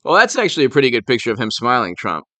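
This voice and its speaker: A man's voice: mid-range voice, sing-song, rapid-fire, bright, forceful tone, no echo. A man doing a casual political live stream, rambling and sarcastic, stopping to thank viewers who send donations. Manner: rambling, sarcastic, thanks super chat donors mid-talk.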